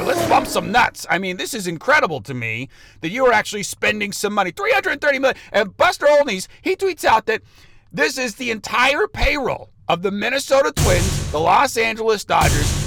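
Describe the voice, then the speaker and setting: A man's voice: high-pitched, creaky, full character voice. Man playing Dozer, blustering radio bro. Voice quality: loud, blustering, ranting. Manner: swaggering, repeats himself, asks "okay?" and "all right?". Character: brash boastful macho sports-talk radio host, man. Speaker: sports radio host. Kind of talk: comedic radio rant.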